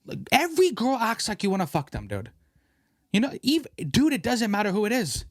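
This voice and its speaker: A young man hosting a casual podcast, ranting in an animated way and swearing freely. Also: high-pitched, a little fast, dry recording, studio quality. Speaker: podcast host.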